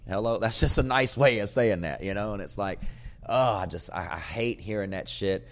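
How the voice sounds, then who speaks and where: A man hosting his own podcast as a comedian, rambling in a profane, casual way and sometimes breaking into loud shouting. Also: fairly low pitch, fairly quick. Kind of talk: casual chat.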